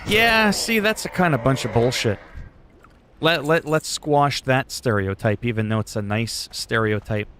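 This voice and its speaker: A man's voice: mid-range voice, animated, unhurried, fairly bright tone, a little hiss or hum. Blunt man streaming. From Canada. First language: French. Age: 40s. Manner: blunt, profane, joking. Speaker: livestreaming gamer. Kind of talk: casual livestream chat.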